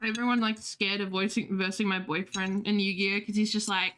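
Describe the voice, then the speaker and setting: A woman's voice: medium pitch, level tone, fairly quick, fairly bright tone, smooth. A young woman streaming, chatting casually with viewers, talkative and swearing freely with laughing asides. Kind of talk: casual livestream chat.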